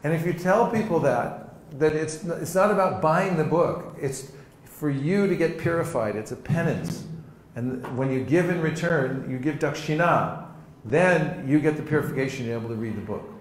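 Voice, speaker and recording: Guy running a seminar, lively, acts out convos, kinda high voice, big echoey room. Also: normal speed. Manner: lively, demonstrates dialogues, laughs often. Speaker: seminar teacher. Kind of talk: teaching with acted-out demonstrations. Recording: roomy hall echo, faint noise.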